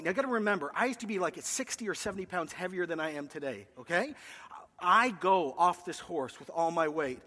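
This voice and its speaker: Pastor, male, high bright voice, animated storyteller, large reverberant hall. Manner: animated storyteller, acts out voices and jokes with the congregation. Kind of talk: sermon with a personal story. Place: church hall with a live congregation.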